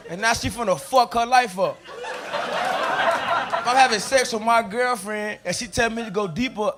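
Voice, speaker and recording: A man doing a stand-up set on stage, telling stories loudly and animatedly and shouting out other people's lines. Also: high-pitched. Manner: loud, animated storytelling that jumps into shouted voices. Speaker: stand-up comedian. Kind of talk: stand-up set before a live audience. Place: comedy stage with a laughing crowd. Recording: live stage clip with loud crowd noise.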